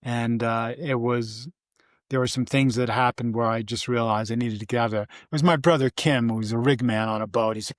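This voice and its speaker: A man's voice: steady tone, normal speed, no echo, studio quality. An older man telling stories from his life in a casual interview. He rambles and halts, with many restarts and fillers. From Vermont, USA. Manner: briefly mimics his mother in a high voice. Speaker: interview guest.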